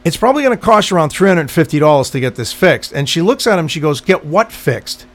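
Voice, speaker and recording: A man telling a story in casual chat, animated and profane, acting out what people said in quick bursts. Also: a little high, soft background music. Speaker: podcast co-host telling a story.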